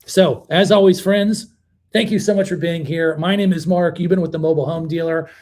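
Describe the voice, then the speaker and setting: A man hosting a live stream about mobile homes, talking casually in a blunt, animated way with many fillers and restarts. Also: on the high side, fairly quick. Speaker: host of a mobile home channel.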